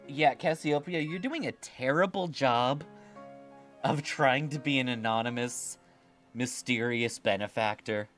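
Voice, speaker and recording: A man's voice: mid-range voice, unhurried, a bit bright, soft background music. A man streaming a video game, chatting casually with sarcastic asides and frequent opinions from a desk microphone at home. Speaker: streamer, VTuber. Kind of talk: let's-play commentary.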